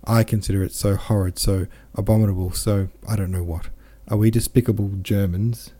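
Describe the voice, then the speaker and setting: A man with a lowish, mellow voice narrates a classic novel for an audiobook, keeping a steady tone and a slightly fast pace. Characters' dialogue gets mild tonal changes.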